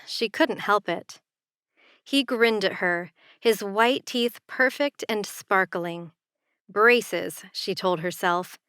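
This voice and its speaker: Romance audiobook narrator: a woman author with a smooth, clear voice, even and measured, recorded close and dry. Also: mid-range voice, no room sound. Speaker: author reading her own novel.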